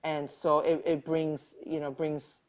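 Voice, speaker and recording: A woman's voice: deep voice, little pitch movement, slow, darkish tone. A woman hosting a live online interview, speaking from the heart about faith and hope, close to tears and full of restarts. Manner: heartfelt, religious, rambling with many restarts. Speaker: host. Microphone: video call.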